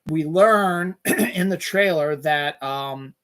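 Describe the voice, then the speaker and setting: A man's voice: fairly high pitch, slow, a bit bright. A man in his forties hosting a casual solo podcast from home, cursing freely, at times ranting and at times chatting easily. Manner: profane ranting, then easygoing chatter. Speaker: podcast host. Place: home room.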